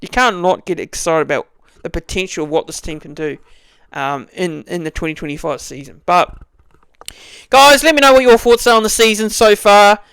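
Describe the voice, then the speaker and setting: A man's voice: high voice, expressive, moderate pace, fairly bright tone, clear, resonant tone, no room sound. A young man giving a casual fan review, rambling with many restarts and fillers. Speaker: fan channel host.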